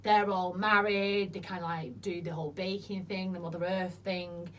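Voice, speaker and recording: A woman's voice: lowish voice, little pitch movement, normal speed, a bit bright. A woman guest telling frank stories, swearing freely and acting out what people said. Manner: chatty, swears freely, acts out quotes. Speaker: interview guest. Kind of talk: frank casual chat. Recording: distant mic with faint noise.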